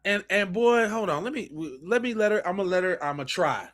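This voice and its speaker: Guy hosting a live reaction stream, slangy mocking banter, up high in pitch. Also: animated. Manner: quiet rapid aside to viewers. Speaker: podcast host.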